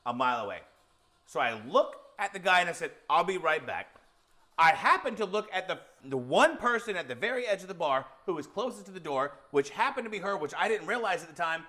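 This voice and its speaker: Animated man telling a rambling story. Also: high-pitched, fast. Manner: animated, rambling anecdote with acted-out quotes. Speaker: podcast co-host. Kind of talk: casual storytelling.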